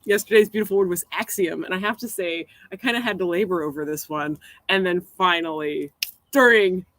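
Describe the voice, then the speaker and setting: A woman's voice: fairly low pitch, fairly quick, fairly bright tone, rough recording. A woman in her forties from Missouri, a poet hosting a live stream in rambling, casual chat with frequent laughs and a poem read aloud. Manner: rambling, chatty, laughs often.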